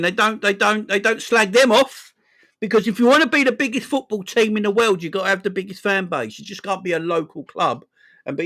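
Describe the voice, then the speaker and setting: A man in his forties with a South London accent, hosting a casual football livestream, rambling and chatty, giving viewers shout-outs. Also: high voice, no echo, clean studio sound. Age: 40s. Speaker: football channel host.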